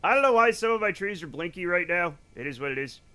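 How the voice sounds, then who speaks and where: A male streamer with a high, bright voice, talking through a live game session. He chats with viewers and breaks into loud, excited greetings and exclamations. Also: quick pace, clean tone.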